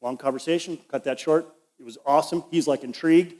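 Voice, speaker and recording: Middle-aged man preaching a lively sermon. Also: on the high side, quick pace. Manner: conversational, animated storytelling with asides to the congregation. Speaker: pastor. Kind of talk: sermon with personal story. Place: church auditorium.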